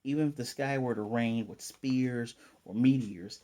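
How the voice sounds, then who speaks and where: A man's voice: medium pitch, a little slow, warm tone, close to an everyday voice. A man voicing a composed young husband who speaks in a stiff, earnest way.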